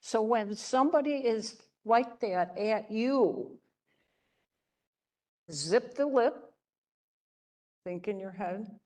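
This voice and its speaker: Slow, gentle older woman teaching. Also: fairly high pitch, animated. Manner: gentle, chatty, checks in with listeners. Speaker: religious sister teaching a class. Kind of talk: storytelling lecture to a class.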